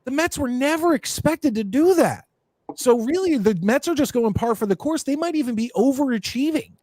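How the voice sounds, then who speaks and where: A man's voice: very high-pitched, expressive, normal speed, a little mellow, dry recording, studio quality. A man hosting a casual sports call-in show, rambling and correcting himself as he goes. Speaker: show host.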